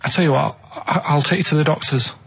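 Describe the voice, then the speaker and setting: An ordinary bloke from the local pub, friendly and matter-of-fact, as a storyteller voices him. The voice sits a little high for a man and stays plain, with no theatrics. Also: fast, creaky, fairly bright tone, breathy edge, exaggerated voice, low-quality recording.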